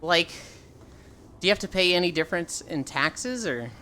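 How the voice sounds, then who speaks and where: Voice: mid-range voice, lively intonation, moderate pace, sharp tone, slight background noise. A young adult livestreamer in casual, rambling chat with viewers, swearing freely and answering chat as it comes. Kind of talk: casual live-stream chat.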